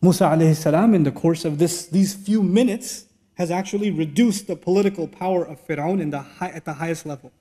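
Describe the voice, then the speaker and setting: A man's voice: fairly high pitch, brisk, hardly any pauses, dark tone. A man giving a sermon lecture, retelling a story animatedly with rhetorical questions. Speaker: Islamic speaker.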